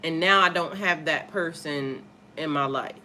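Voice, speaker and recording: A woman's voice: deep voice, a little slow, pushed and bright, slight background noise. A woman, a spiritual life coach, telling a personal story on a casual livestream in a candid, profane way and greeting viewers in the chat.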